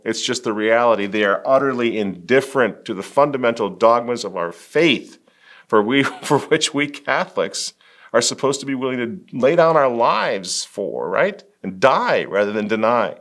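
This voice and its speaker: Male host, religious commentary, emphatic, sarcastic, mid-pitched voice. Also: lively intonation, moderate pace, a bit bright. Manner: emphatic, sarcastic preaching with wry laughs.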